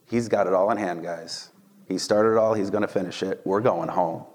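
A man with a low voice preaches in a relaxed, conversational way, like a teacher talking to his class. He is animated and keeps checking in with his listeners. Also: moderate pace. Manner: conversational, animated, asks "right?" and "okay?" often. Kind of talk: casual sermon.

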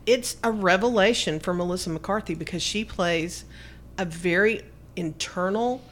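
A woman co-hosting a casual movie chat, reviewing films in a lively, upbeat way. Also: fairly low pitch, moderate pace. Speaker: movie talk co-host.

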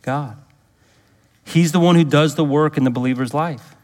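A man preaching in a church with his voice ringing out in a long hall reverb. He sits a little higher than most men and stays emphatic, drawing answers from his listeners. In prayerful stretches he climbs into a fervent, intense delivery. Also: moderate pace, a little mellow. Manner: emphatic, asks the congregation to fill in words. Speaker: pastor. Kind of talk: sermon.

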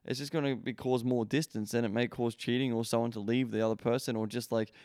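A man hosting a podcast, talking straight to his listeners in a blunt, emphatic coaching tone. He swears freely and peppers his talk with "like." His voice sits at a middle pitch and is recorded close and dry, with no room sound. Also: steady tone, fast, darkish tone, no room sound. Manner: blunt, profane, emphatic, many fillers. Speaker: podcast host. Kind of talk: casual coaching monologue.

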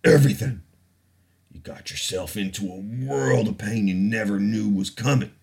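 A man's voice: lowish voice, normal speed, creaky, a little mellow. A man putting on a blustering, threatening male conspiracy broadcaster with a bombastic, theatrical, menacing delivery.

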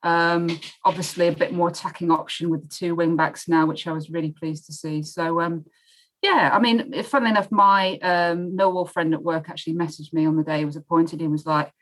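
A woman giving her views on a casual podcast, thoughtful and hesitant with many pauses. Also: fairly low pitch, steady tone, low-quality recording. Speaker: podcast co-host.

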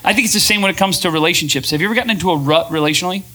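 Guy talking to a live crowd, pretty high voice, bright, lots of questions to the room. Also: very fast. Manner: energetic, asks the crowd questions. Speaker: podcast host and speaker, former pastor. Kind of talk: live talk to an audience. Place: event venue with a live audience.

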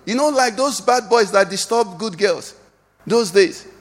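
Male pastor, high voice, call-and-response sermon style, long church reverb. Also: lively intonation, a little slow. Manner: preaching with call-and-response questions, rising to shouts.

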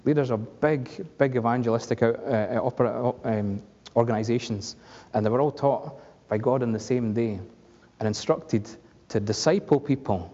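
A man's voice: medium pitch, normal speed, warm tone, slightly rough. A man preaching a conversational sermon, asking the congregation questions along the way. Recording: dull lo-fi recording with long hall reverb.

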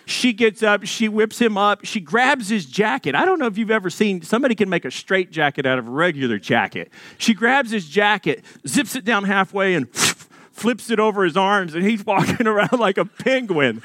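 Animated high-voiced pastor. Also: male voice, normal speed, dry recording, clean studio sound. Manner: animated, jokey, acts out voices in anecdotes. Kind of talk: storytelling sermon.

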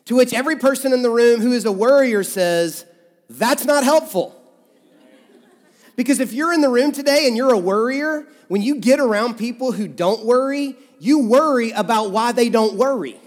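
A man with a high voice preaches to his congregation in a loose, joking, conversational way, slipping into voices for the people he quotes. His words ring out with a long echo through a large church hall. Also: a little fast, hardly any pauses, some chatter behind. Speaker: pastor. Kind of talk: sermon. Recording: reverberant sanctuary sound.

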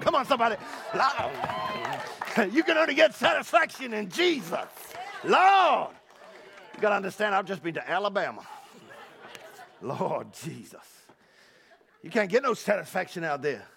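Gravelly, high-voiced passionate male pastor. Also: huge pitch swings, normal speed, pauses often, a little hiss or hum. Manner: passionate, rising to shouts, with laughs and repeated words. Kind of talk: sermon. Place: church service.

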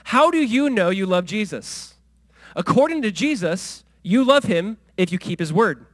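A man preaching a sermon as pastor, in a conversational way full of asides and questions to the congregation, swinging between quiet low asides and loud high exclamations. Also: expressive, moderate pace.

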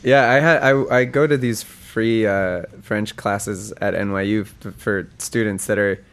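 A man's voice: fairly low pitch, fairly even intonation, unhurried, fairly bright tone. A man from California telling laid-back stories in casual chat, swearing freely.

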